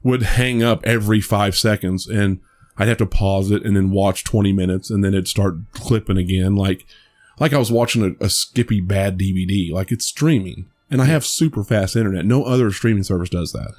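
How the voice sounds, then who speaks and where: Rambling lower-voiced man reviewing a movie. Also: a little fast, a little mellow. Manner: rambling, swears, many restarts. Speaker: podcast co-host. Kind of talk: casual movie review chat.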